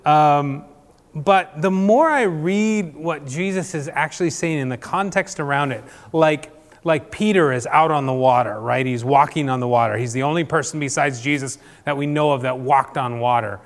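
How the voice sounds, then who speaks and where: A man leading an informal church group talk, posing questions and filling gaps with ums and restarts. His voice sits fairly high for a man. A long reverb trails each phrase in the hall. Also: moderate pace. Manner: conversational, many fillers and restarts, asks questions.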